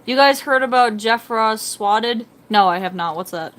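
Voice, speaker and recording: A woman's voice: fairly high pitch, normal speed, a bit bright. Chatty young woman rambling on a livestream. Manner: rambling and chatty, reading out chat comments. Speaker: fish-keeping livestreamer. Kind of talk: casual live stream chat. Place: home, beside her fish tank.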